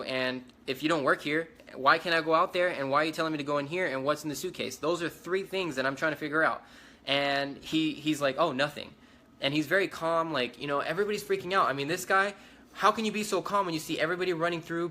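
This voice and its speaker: A young adult man on a phone livestream gives an urgent, rambling and repetitive eyewitness account. He talks fast, with a fairly high voice and a steady, sharp tone.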